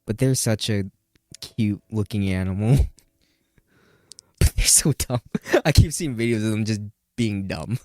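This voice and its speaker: A man's voice: lowish voice, animated, measured pace, pauses often, darkish tone, dry recording, clean studio sound. A man co-hosting a podcast, telling stories in a brash, laughing, casual way. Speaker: podcast co-host. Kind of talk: casual chat.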